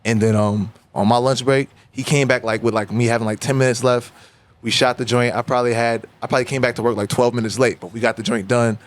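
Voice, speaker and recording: Animated New man telling stories. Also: mid-range voice, quick pace. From New York. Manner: animated storyteller who acts out dialogue. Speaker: rapper guest. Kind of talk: casual interview storytelling.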